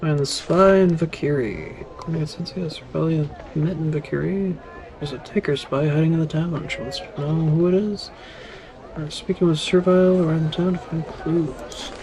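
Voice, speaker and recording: A man's voice: fairly high pitch, moderate pace, a crowd in the background. Man thinking aloud while gaming. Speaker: let's play gamer. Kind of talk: casual game commentary.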